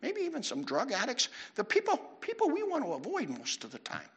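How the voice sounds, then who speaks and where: A man preaching a sermon with animated delivery, putting questions to his listeners. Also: extremely high pitch, fairly quick, slightly rough. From United States. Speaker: pastor.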